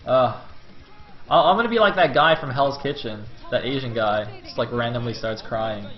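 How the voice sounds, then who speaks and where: A young game caster with a mid-range voice and moderate pace does solo esports commentary on his own stream. He chats and rambles with lots of fillers, and the lo-fi stream audio sounds slightly dull, with faint music underneath.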